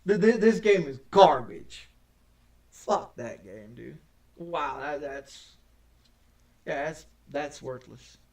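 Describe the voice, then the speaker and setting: Male game streamer, high voice, slow unhurried delivery, cusses constantly, stumbles and repeats himself, set back from the mic. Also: lively intonation, darkish tone, distant mic. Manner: profane, ranting, stammers and repeats words. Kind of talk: casual gameplay commentary.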